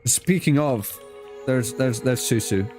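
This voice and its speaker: A man's voice: mid-range voice, slow, a little mellow, faint music behind. A man casually chatting and joking with a friend while streaming a game. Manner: joking, laughs a lot, swears. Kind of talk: casual let's-play chat.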